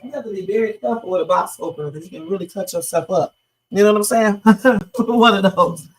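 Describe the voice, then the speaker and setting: Streamer reacting to clips, cussing a lot, talks right to chat, middle pitch. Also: a little fast. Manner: blunt, profane, talks straight to viewers. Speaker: livestream host. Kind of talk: casual reaction commentary.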